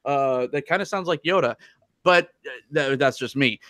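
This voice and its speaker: Rambling, bright-voiced male podcast host. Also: medium pitch, normal speed, dry recording, studio quality. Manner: rambling, self-interrupting and joking. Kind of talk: casual chat.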